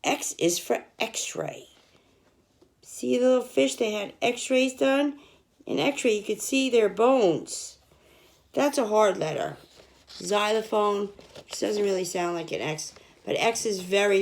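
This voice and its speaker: A woman's voice: mid-range voice, creaky. A young woman teaching children, reading an alphabet picture book aloud and sounding out each letter. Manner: slow, sounding out letters, lively sing-song.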